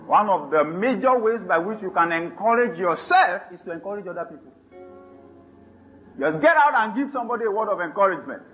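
A male pastor preaching a sermon, animated, laughing and calling for responses from the congregation. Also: sits high, highs cut off.

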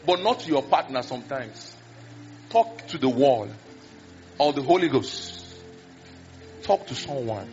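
A male pastor, preaching a sermon in an animated way, acting out scenes and exclaiming. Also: mid-range voice, a little slow, long pauses, faint music behind. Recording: dull lo-fi recording.

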